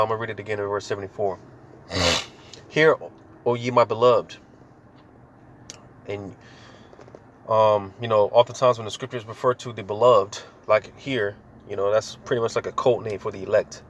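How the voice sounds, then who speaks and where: A man's voice: lowish voice, slight background noise. Laid-back man teaching scripture. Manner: laid-back, slangy, full of "man" and "you know" fillers. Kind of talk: informal scripture reading and commentary.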